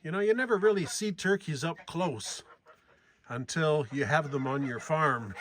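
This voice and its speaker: A man's voice: fairly high pitch, moderate pace, fairly bright tone, a little hiss or hum. A man vlogging casually while walking around his farm, chatting to the camera and to his animals outdoors. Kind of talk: casual walk-and-talk vlog. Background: turkeys gobbling and poultry sounds.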